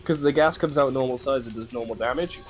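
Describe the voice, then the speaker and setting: A man's voice: medium pitch, fast talker, soft background music. A man hosting a game stream, chatting casually and explaining game mechanics at length. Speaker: gaming streamer host. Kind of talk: casual gaming chat.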